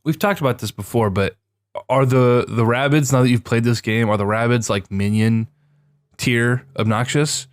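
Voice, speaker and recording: A young man chatting on a podcast, recorded close and dry with no room sound. He reacts quickly and animatedly, tossing in casual swears. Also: mid-range voice, no room sound. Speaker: podcast co-host. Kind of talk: casual chat.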